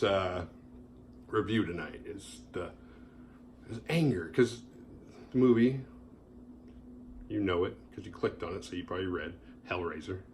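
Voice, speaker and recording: Sarcastic and lively, this man, who hosts a horror film review show, vents about his day, cursing freely and lampooning people in overblown voices. His pitch sits fairly low, and a little background noise is audible.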